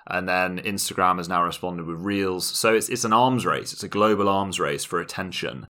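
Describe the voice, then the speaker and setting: A man's voice: low voice, normal speed, noisy background. A man co-hosting a podcast in casual chat, rambling through his points with restarts and wry asides. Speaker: podcast co-host.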